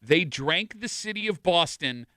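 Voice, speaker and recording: Bright, chatty male radio host. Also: fairly high pitch, expressive, measured pace, no echo, clean studio sound. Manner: chatty, incredulous storytelling. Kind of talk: radio show banter. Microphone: studio mic.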